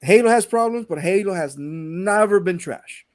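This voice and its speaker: A man's voice: high-pitched, lively intonation, moderate pace, a little mellow, no room sound. A man co-hosting a gaming podcast, talking emphatically and insisting on his point with repeated denials. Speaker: podcast co-host. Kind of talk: casual podcast chat.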